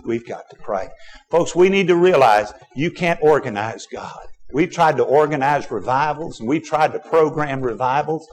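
A middle-aged man preaching from the pulpit. His pitch sits at an ordinary middle height. He pushes hard and loud on his appeals, then drops to soft, low asides. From Texas. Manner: emphatic preaching with sudden loud and soft swings. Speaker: pastor. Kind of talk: sermon.

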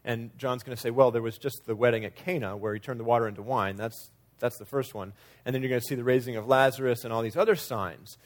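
A man's voice: medium pitch, fairly even intonation, quick pace, few pauses. A man preaching a sermon in a conversational way, sometimes acting out quoted lines with changing emphasis. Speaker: pastor.

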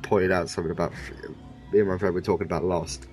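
A man with a lowish voice chats casually about a TV show. He talks animatedly, jumping into quick impressions of characters, with faint music playing behind him. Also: fairly even intonation, a little mellow.

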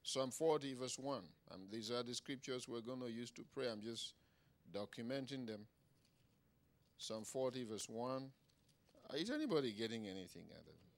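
A man preaching a sermon emphatically, swinging between quiet asides and loud exclamations and checking in with his listeners. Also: mid-range voice, lively intonation, moderate pace, vocal fry. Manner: engages the audience with "Huh?" and "Is anybody getting anything?".

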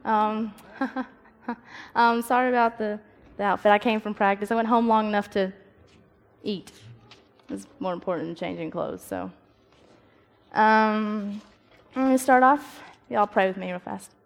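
A woman's voice: medium pitch, fairly even intonation, a little slow, pauses often. A young woman giving a casual devotional talk, telling stories and acting out her own thoughts. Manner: chatty, storytelling, acts out her own inner dialogue. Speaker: youth speaker. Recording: long reverb of a hall.

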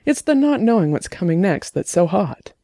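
A woman's voice: on the low side, big pitch swings, normal speed, warm tone, no echo, clean studio sound, voice pushed up. A man reading the part of a chatty young woman programmer, bubbly and teasing, in an audiobook.

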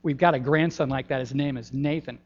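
Older pastor, dull lo-fi church recording. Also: male voice, mid-range voice, fairly even intonation. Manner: folksy, gentle, pausing with ums. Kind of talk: children's sermon. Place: church sanctuary. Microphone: handheld microphone.

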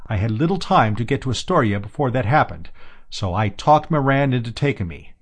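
A man voicing a stranded Earthman who howls and shouts wildly with joy in a science fiction audiobook. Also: medium pitch, animated, fairly quick, husky. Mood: earnest.

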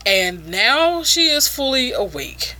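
Bright-voiced woman reviewing comics. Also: high voice, very animated, slow. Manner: casual, profane, sarcastic. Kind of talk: casual comic book review.

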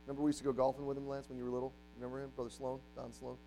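A man preaching a sermon to a congregation, telling a story and moving from quiet, hushed passages to loud, emphatic ones. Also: medium pitch, monotone, rapid-fire, creaky, clean tone, poor audio. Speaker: pastor. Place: church.

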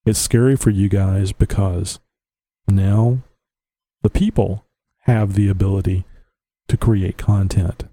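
A man's voice: sits low, fairly even intonation, takes it slowly, pauses often, warm tone, no room sound. A man with a Southern US accent hosting his own podcast, rambling on in a blunt, opinionated way and chuckling to himself. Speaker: podcast host. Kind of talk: casual rambling monologue. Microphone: home podcast mic.

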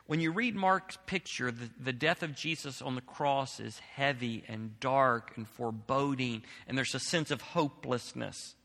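Bright-voiced male pastor in a reverberant hall. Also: mid-range voice, unhurried, vocal fry, hardly any pauses. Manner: reads scripture aloud, then explains it with emphasis. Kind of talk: sermon.

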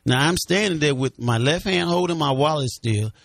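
A man's voice: on the high side, expressive, normal speed, gravelly, a bit bright, no room sound. A man giving a personal account in an interview, telling it vividly and acting out what others said. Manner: vivid storyteller who acts out what others said.

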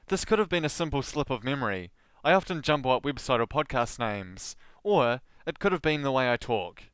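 A man's voice: mid-range voice, fairly bright tone, clear, resonant tone, no room sound. A man with a Southland New Zealand accent hosting a podcast, reading a scripted monologue with a dry, self-deprecating delivery. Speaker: podcast host.

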